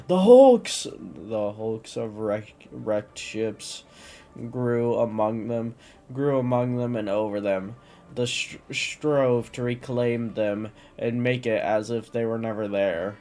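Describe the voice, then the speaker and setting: A man's voice: fairly low pitch, little pitch movement, slow pace, a little mellow. A man casually reading a fantasy story aloud, often stumbling and restarting words. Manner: stumbles and restarts, occasional coughs. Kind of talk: casual reading of fan lore.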